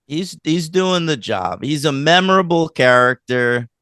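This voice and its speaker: A man co-hosting a casual film review podcast, rambling and animated as he retells scenes, with lots of fillers. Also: a little high, unhurried, clear, resonant tone, dry recording, studio quality. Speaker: podcast co-host.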